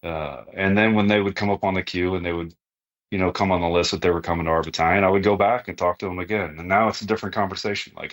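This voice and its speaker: A middle-aged man with a low voice talks in a relaxed, conversational way. He is plain-spoken and often ends a point with "right?", like a retired sergeant major explaining how things work. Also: fast. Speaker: podcast guest, retired army sergeant major. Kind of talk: casual conversational interview.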